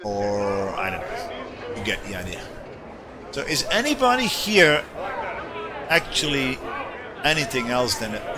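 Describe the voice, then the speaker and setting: A man's voice: mid-range voice, a little slow, long pauses, crowd noise. A male streamer in casual gameplay commentary, rambling and joking as he reads game text aloud. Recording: steady background noise.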